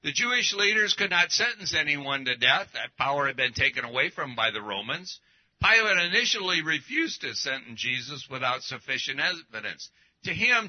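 A man's voice: mid-range voice, dull audio. A man preaching a sermon as pastor, emphatic, with pointed rhetorical questions to the congregation.

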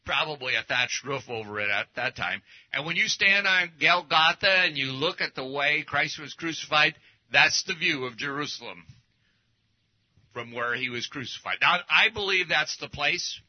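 With lively intonation and a slightly high voice at normal speed, a man preaches an easygoing teaching sermon while presenting slides. His delivery is folksy and story-driven, and the recording sounds dull and lo-fi.

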